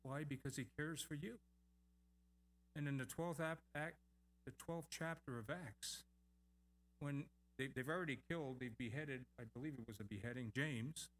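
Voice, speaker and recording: A middle-aged man preaching a sermon at an even, mid-range pitch. He drives points home by repeating phrases and breaks off for chatty asides. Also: moderate pace. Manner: emphatic repetition, lively asides. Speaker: pastor.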